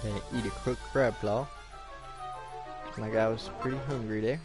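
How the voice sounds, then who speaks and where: A man giving relaxed, low-key commentary while playing a video game. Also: normal speed, music in the background. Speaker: gameplay video host. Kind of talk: gameplay commentary.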